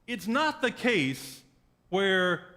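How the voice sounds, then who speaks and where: Man, pastor, sermon, wry joking storytelling, somewhat high voice, long church reverb. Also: big pitch swings, drawn-out words, bright, forceful tone. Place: church sanctuary.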